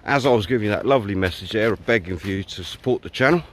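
A man's voice: fairly low pitch, fast talker, fairly bright tone. A man vlogging on a riverside hike outdoors, chatting bluntly and swearing freely. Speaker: hiking vlogger. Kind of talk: casual walking vlog monologue. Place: outdoors on a riverside countryside path.

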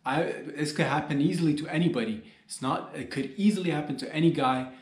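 A man's voice: a little high, fast, echoey room. A man hosting a solo comedy podcast, rambling and joking as he talks straight to his listeners.

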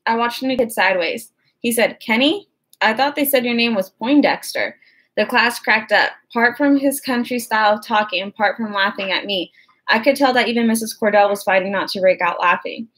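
A woman's voice: medium pitch, fairly quick, fairly bright tone. Wry woman audiobook narrator. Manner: wry, conversational storytelling. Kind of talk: first-person audiobook narration.

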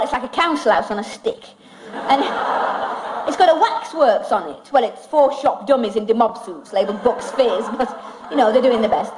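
A woman's voice: high voice, noisy background. A woman comedian, singing comic songs and doing dry, self-mocking stand-up in front of an audience. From England. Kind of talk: live stand-up and comic song. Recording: old vinyl record with music and audience.

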